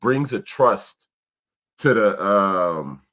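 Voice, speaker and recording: Man, lower register, co-host, casual stream talk, profane and passionate delivery. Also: animated, very slow, fairly bright tone. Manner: laughs often. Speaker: co-host of a couple's livestream. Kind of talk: casual livestream chat.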